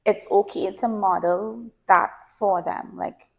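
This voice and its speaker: A young adult woman, a behaviour analyst guest, calmly explaining and telling stories from her own life in a casual podcast chat. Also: mid-range voice, slow pace, gravelly, dull audio. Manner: calm, explanatory, tells personal stories. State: pregnant.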